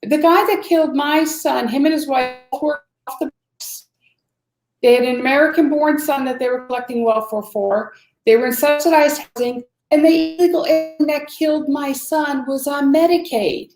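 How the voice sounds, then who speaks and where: A woman from Massachusetts, a guest in an interview, explaining in a steady, earnest way. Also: high voice, normal speed, echoey room, faint music behind, poor audio. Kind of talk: interview conversation.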